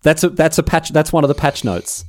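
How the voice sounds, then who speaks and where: Animated man on a podcast. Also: fairly high pitch, a little fast, no room sound, studio quality. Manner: animated storyteller, laughs often. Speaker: podcast co-host. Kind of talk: casual chat.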